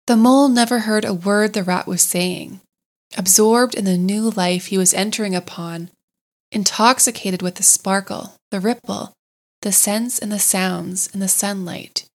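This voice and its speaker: A woman narrating a classic children's storybook in a gentle, unhurried, expressive way. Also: mid-range voice.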